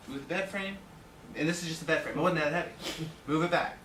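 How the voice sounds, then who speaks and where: A man's voice: a little high, steady tone, fairly quick, long pauses, fairly bright tone. A man telling anecdotes in a conference talk, chatty, laughing often and acting out the people he quotes. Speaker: home inspector speaking at a conference. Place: conference room with an audience. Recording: echoey room, mic heard from far, audience noise.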